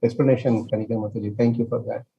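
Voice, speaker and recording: A man leading an online scripture class. He explains with many fillers and restarts and chants verses very slowly. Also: mid-range voice, fairly even intonation, vocal fry, dull audio. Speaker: scripture study teacher.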